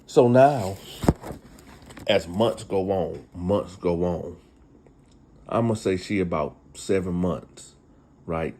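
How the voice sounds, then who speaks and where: A man's voice: low voice, takes it slowly, pauses often, mellow. A man hosting a casual storytime retelling, chatty and talking straight to his listeners. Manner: chatty, addresses listeners directly. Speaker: storyteller host.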